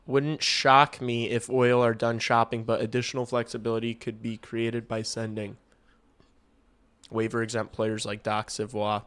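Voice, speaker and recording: A man's voice: mid-range voice, fairly bright tone, smooth. A man hosting a casual hockey livestream, rambling and swearing offhandedly. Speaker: livestream host. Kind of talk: casual livestream sports commentary.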